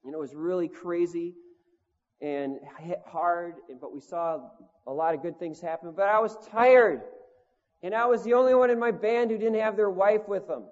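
A man with a high voice and moderate pace preaches a storytelling sermon, conversational and self-mocking, peppered with "you know" and "like." He's a preacher who also leads a touring band, recorded lo-fi in a hall with long echo.

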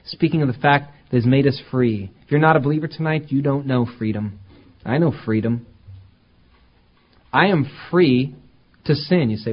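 A man preaching a conversational sermon as pastor, talking plainly and then climbing to emphatic, louder peaks. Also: mid-range voice, normal speed, pauses often, breathy edge, dull audio.

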